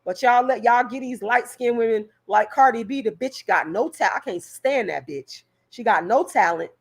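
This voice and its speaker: A woman vlogger delivers a heated, profane rant straight to camera, stumbling over repeated words as she pushes her point. Her voice is on the high side, creaky and slightly rough, at a moderate pace.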